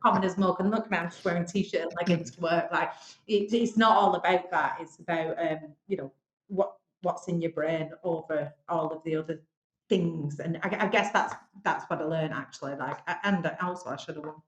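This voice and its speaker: Guesting on a podcast, a Bolton woman who runs a business tells candid, conversational stories in a Northern English accent, swearing now and then. She has a lowish voice with fairly even intonation and talks fairly quickly, and the recording has a roomy echo.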